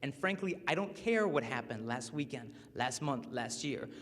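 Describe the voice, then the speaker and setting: A man in his twenties giving a joking, animated chastity talk to high school students and acting out quotes. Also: normal speed. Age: 20s. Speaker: chastity speaker. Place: large hall with a live audience. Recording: reverberant hall with faint ambience.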